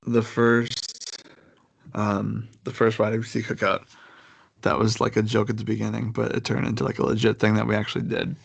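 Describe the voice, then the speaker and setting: A man's voice: lowish voice, monotone, moderate pace, creaky, slightly rough, dry recording. A young man telling a story in casual chat, rambling with lots of fillers and restarts.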